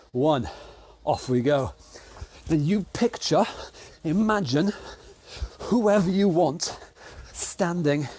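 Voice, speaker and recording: British male trainer, slightly high voice, stuffy nose, encouraging, counts down rounds. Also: dark tone. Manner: upbeat, encouraging, counting down reps. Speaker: fitness instructor. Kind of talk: online exercise class instruction.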